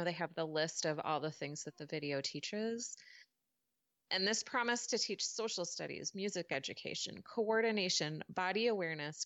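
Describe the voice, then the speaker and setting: A woman's voice: on the low side, fairly bright tone, no room sound. A woman in her thirties or forties co-hosting a casual talk show, chatty and often saying "like.". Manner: chatty, uses "like" a lot, laughs often. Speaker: podcast co-host. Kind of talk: casual chat. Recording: slightly muffled dry mic.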